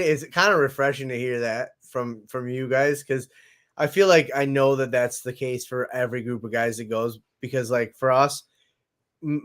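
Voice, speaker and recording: Relaxed man hosting a casual podcast. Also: medium pitch. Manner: relaxed, laughs along with the guest. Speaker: podcast host. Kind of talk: casual chat.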